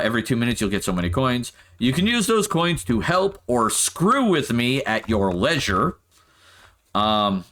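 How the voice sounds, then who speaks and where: A man's voice: medium pitch, fairly bright tone. A man streaming a game, chatting casually and laughing often as he rambles. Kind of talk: casual live-stream chat.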